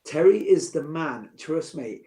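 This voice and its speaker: A man's voice: a little high, animated, unhurried, warm tone. A middle-aged man, chatting as a podcast guest, joking and heartfelt by turns. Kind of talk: casual chat.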